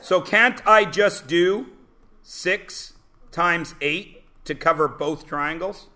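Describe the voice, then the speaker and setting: A man with a slightly higher voice gives a classroom lecture, speaking slowly in a pushed, bright tone. He is blunt and provocative and talks over his students.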